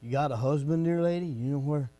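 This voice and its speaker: A pastor who moves between folksy, chatty storytelling and shouted preaching. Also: male voice, fairly high pitch, quick pace. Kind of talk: sermon.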